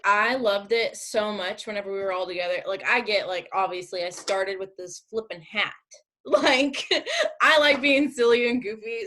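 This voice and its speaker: A woman's voice: fairly high pitch, a bit bright. A woman co-hosting a casual chat, bubbly and full of "um" and "like". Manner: bubbly, filler-heavy. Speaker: co-host.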